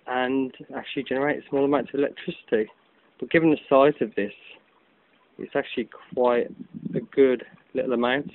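Man, casual hobbyist vlogger, loose and chatty; outdoor phone recording, tinny narrow sound. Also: mid-range voice. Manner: chatty, loose, with many ums and self-corrections. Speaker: hobbyist video maker. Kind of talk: casual demonstration vlog. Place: outdoors in afternoon sun. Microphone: phone camera.

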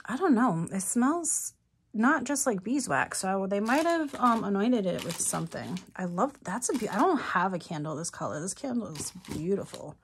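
A woman talks through an unboxing at home in an excitable, giggly way, often teasing herself as she goes. Her voice sits at an ordinary middle pitch, and she shifts easily between casual chatter and reading a card aloud. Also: normal speed, a little hiss or hum. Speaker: unboxing vlogger.

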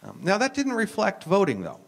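An American university professor speaking on a panel, explaining at length with frequent "um"s and restarts. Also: male voice, sits high, wildly swooping pitch, brisk, gravelly. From United States. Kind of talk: lecture-style discussion.

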